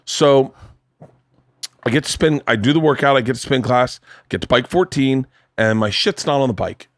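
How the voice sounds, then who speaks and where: A man's voice: mid-range voice, moderate pace, no room sound, clean studio sound. A man in his forties hosting a podcast, telling a story with plenty of swearing and acted-out quotes. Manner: animated storyteller, swears a lot, acts out quotes. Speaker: podcast host. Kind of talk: casual chat. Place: home studio.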